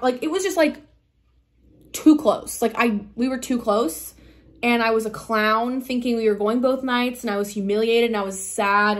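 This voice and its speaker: A young woman with a slightly high voice recounts a stressful night to camera. She talks quickly and dramatically, jumping into the voices of everyone involved as she goes. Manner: dramatic, fast retelling full of quoted exclamations. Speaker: vlogger. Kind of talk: casual storytime vlog.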